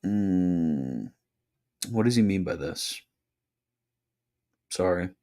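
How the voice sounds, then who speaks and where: A young man hosting a livestream, casually answering chat questions with offhand, deadpan replies and quick jokes. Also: low-pitched.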